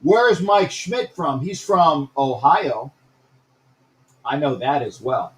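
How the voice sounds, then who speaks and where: Guy hosting a sports livestream, kinda high voice, rambles and repeats stuff, roomy echo. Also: expressive, takes it slowly. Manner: rambling, repeats himself, greets viewers by name. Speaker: sports talk show host. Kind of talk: casual live-stream chat.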